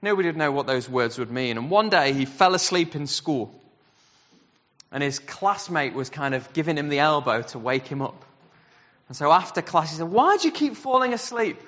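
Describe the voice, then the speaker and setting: A man preaching a sermon, telling a story in an animated way and acting out the voices he quotes. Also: fairly high pitch, moderate pace. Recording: dull sound with long hall reverb.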